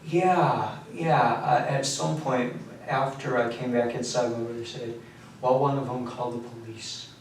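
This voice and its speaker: A young man in his twenties, an inmate recounting events in a flat, matter-of-fact way during a prison interview. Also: mid-range voice, a little slow. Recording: very echoey room, distant mic, faint hum.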